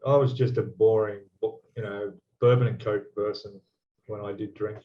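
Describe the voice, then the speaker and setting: A man's voice: on the low side, fairly even intonation, normal speed. Australian man on dull lo-fi audio. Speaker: co-host. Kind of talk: casual chat.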